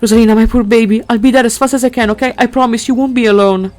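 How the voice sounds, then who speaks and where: A woman reading the lines of a worried middle-aged father in a game, talking softly and earnestly. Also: on the high side, fairly even intonation, racing, voice pushed up, close to an everyday voice. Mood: tender. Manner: soft, earnest, self-blaming.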